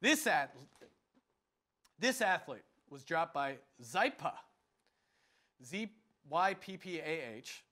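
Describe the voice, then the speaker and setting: A man's voice: on the high side, big pitch swings, pushed and bright. A man hosting a comedic late-night sports talk show in a studio, joking and laughing as he runs a quiz. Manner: jokey, quick, laughing quiz-master delivery. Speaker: host.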